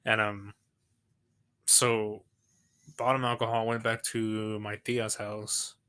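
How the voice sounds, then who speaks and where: A man in his late twenties from Texas, co-hosting a podcast and telling stories casually with halting restarts. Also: fairly low pitch, flat delivery, bright, forceful tone, clean tone. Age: 20s. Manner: rambling storyteller, halting restarts. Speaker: podcast co-host. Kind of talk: casual chat.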